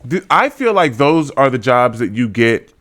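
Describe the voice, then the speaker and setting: Animated man reacting in podcast chat. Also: medium pitch, normal speed. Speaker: podcast co-host. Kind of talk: casual chat.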